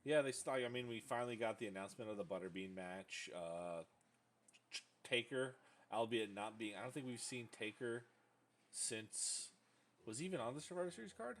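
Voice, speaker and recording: A man's voice: mid-range voice, animated, moderate pace, a bit bright, slight background noise. A man hosting a casual podcast, bantering loosely with jokes, swearing and mocking impressions. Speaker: podcast host.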